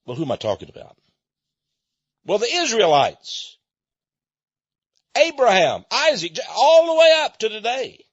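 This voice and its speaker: A man's voice: high-pitched, huge pitch swings, unhurried, long pauses, no echo. A man giving an emphatic, preaching-style monologue, stretching out key words, repeating himself and chuckling now and then. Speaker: speaker addressing listeners. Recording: dull lo-fi recording.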